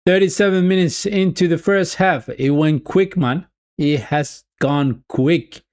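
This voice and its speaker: A man's voice: fairly high pitch, measured pace. Chatty man doing live football commentary. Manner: repeats phrases, addresses viewers as people; chatty, swings between excited and deflated. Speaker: football watch-along streamer. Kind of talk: live match watch-along commentary.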